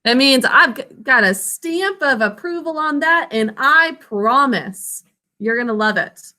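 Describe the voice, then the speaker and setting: A woman teaching spelling over a video call, her voice pitched a little high and bright. She speaks slowly and carefully, breaking words into syllables for young pupils. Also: animated. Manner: slow, clear, sounding words out syllable by syllable. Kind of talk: online class lesson, spelling instruction.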